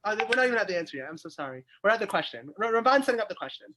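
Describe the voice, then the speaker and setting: A man's voice: high-pitched, sing-song, racing, noisy background. A man, teaching a weekly Torah class as a rabbi over a video call, explaining by asking questions aloud. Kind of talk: lively text study lecture.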